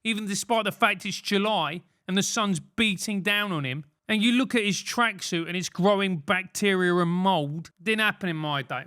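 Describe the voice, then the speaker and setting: High, bright-voiced British man ranting. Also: expressive, normal speed, smooth. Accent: British English. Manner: ranting, sardonic, self-mocking. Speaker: podcast host giving advice. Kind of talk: comedic advice monologue. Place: London.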